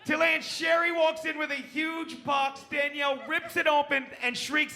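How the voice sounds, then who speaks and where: Brief: brash male stand-up, very high and very bright voice, punchy crowd-baiting delivery. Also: level tone, moderate pace, a little hiss or hum. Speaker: stand-up comedian. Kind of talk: stand-up comedy. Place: comedy club stage.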